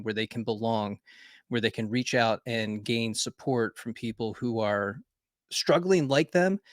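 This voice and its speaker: A man hosting a podcast who asks long interview questions in a measured, earnest tone. His voice sits in an ordinary middle pitch. The recording is dry and close-miked. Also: dry recording. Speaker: podcast host.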